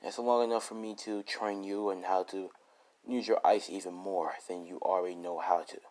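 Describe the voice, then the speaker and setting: A stern ancient ice warrior who speaks low and hushed, as if through a mask, as a man puts him on. He lectures coolly and bluntly, a gruff mentor in a homemade spoken fan story. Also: fairly even intonation, moderate pace, lightly acted.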